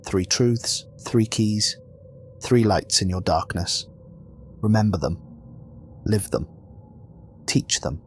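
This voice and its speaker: A man's voice: fairly low pitch, a little hiss or hum. A man voicing Raziel, a solemn archangel. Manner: gentle yet commanding, solemn and measured. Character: calm, commanding archangel of immense, gentle authority.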